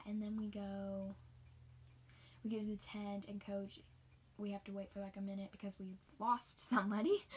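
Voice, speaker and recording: A teenage girl telling a rambling storytime for her channel, chatty with many fillers and soft whispered asides. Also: medium pitch, husky. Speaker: vlogger. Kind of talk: casual storytime.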